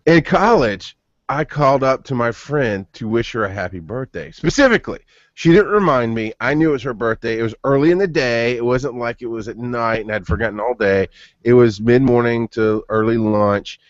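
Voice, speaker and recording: This podcast host, a man in his thirties, chats casually and spins long personal tales, frequently backing up to restart. He speaks at normal speed with a medium pitch. The recording is dry, dull and lo-fi.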